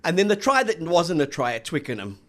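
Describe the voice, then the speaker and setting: A man's voice: fairly high pitch, sing-song, fairly quick. South African man rambling about rugby. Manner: rambling storytelling with fillers. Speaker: co-host. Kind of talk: casual rugby chat.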